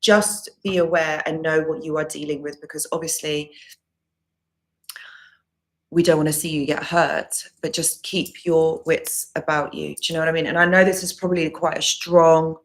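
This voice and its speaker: A woman's voice: sits low, little pitch movement, moderate pace. A woman recovery coach hosting a live Q&A stream, reading viewer comments aloud and answering with earnest, reassuring advice that she often repeats.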